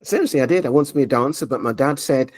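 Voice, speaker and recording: A man's voice: mid-range voice, racing. A man, a media coach telling his story in an interview and acting out the dialogue. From Leeds, England. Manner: animated storyteller, acts out quoted dialogue.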